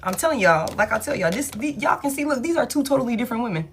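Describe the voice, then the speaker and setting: A woman's voice: a little high, animated, fast, noisy background. A woman reading tarot cards for her viewers in a casual, blunt, profane way, talking straight to them. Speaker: tarot reader.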